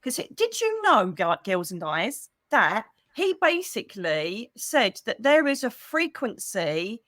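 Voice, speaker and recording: A middle-aged woman with a British accent, a psychic medium hosting a casual livestream for members, chatty and animated with quick asides, speaking into a computer mic. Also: a little high, dry recording, clean studio sound. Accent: British English. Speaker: psychic medium and channel host.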